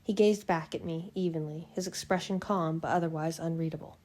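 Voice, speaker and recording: A woman reading a novel aloud in the first person, in a steady, unhurried way. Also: deep voice. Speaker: fan audiobook reader.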